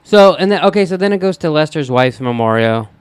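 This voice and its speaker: A man's voice: fairly high pitch, animated, brisk, clear, resonant tone, dry recording. A man co-hosting a casual podcast, recapping a TV episode and teasing his friends. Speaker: podcast co-host. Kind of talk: casual chat.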